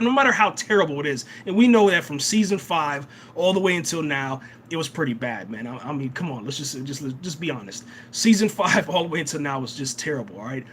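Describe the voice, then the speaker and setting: Excitable young man reacting live. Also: on the high side, slight background noise. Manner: excitable, repeats words and says "man" often. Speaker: reaction channel host. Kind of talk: live TV episode reaction and review.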